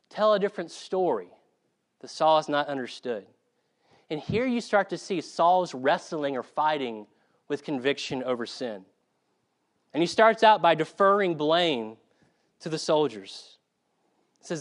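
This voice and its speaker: Man, preacher, from South Carolina, sermon, animated storytelling, high voice, very expressive pitch. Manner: animated storytelling, lively delivery.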